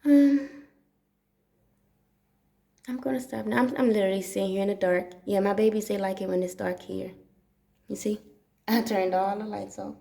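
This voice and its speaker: A woman's voice: mid-range voice, steady tone, moderate pace, vocal fry, long pauses, mellow, echoey room. A woman talking in a casual, rambling monologue at home, cursing often and repeating herself for emphasis. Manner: profane, repetitive, emphatic. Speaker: livestream host. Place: dark room at home.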